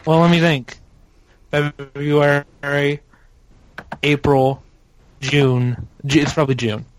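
A man's voice: a little high, little pitch movement, slow pace, a little hiss or hum. A man hosting a casual podcast chat. He hesitates a lot, restarts his sentences and laughs easily. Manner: hesitant, many ums and restarts, laughs often. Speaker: podcast host.

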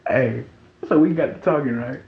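A young man from Mississippi with a Southern accent, telling a profane, animated story in a casual storytime vlog. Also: mid-range voice, normal speed, creaky. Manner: profane, animated, laughing, repeats himself. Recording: echoey room, dull audio, faint hiss.

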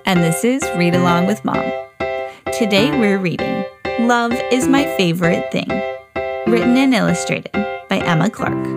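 A woman hosting a children's storybook podcast, introducing the book in a friendly, clear way. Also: mid-range voice, normal speed, music in the background. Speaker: podcast host reading to children.

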